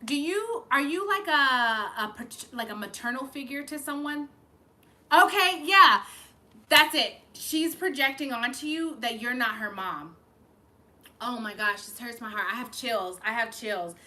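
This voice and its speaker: Bright-voiced tearful woman psychic. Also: a little high, expressive, unhurried. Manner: emotional, rambling, with frequent swearing and restarts. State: fighting back tears. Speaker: psychic reader hosting a live stream. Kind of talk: live-streamed channeled reading.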